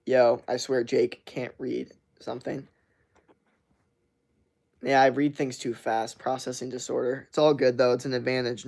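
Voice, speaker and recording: A young male streamer with a gravelly, fry-touched voice, talking loosely and swearing as he riffs on chat messages. His pitch sits in an ordinary middle range. He keeps the tone of casual live chat throughout. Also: darkish tone.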